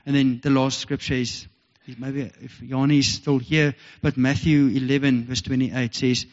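Earnest South African pastor preaching. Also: male voice, medium pitch, little pitch movement, moderate pace, few pauses. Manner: earnest, repetitive, heartfelt. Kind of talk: sermon. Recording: dull lo-fi recording with long reverb.

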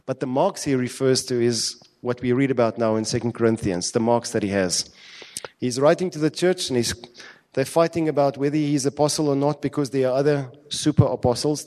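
Male preacher, mid-pitched, conversational but emphatic, rhetorical questions, long reverberant hall sound. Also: darkish tone. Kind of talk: sermon.

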